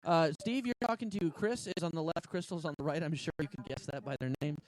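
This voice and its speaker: A man from Vermont hosting a casual podcast chat, talking quickly and excitably and laughing often. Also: on the high side, low-quality recording. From Vermont, USA. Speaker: podcast host.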